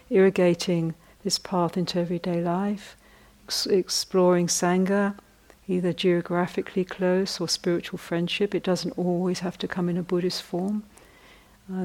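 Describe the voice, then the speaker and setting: A middle-aged meditation teacher gives a reflective dharma talk at a retreat, speaking conversationally with many pauses, restarts, and laughs at her own jokes. Her voice sits on the low side and has a darkish tone.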